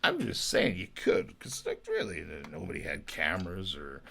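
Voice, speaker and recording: A drunk man from western Canada hosts his own talk show, rambling loosely from one profane story to the next. His voice sits low with a gravelly edge, yet sounds bright, and his pitch swings widely as he goes. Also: wildly swooping pitch, normal speed. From Alberta, Canada. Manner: rambling, profane, laughing asides. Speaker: podcast host.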